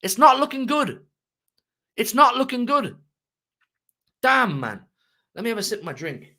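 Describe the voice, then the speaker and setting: A man's voice: extremely high pitch, big pitch swings, measured pace, sharp tone. A man hosting a fan channel, ranting emotionally about football to his live chat and repeating himself for emphasis.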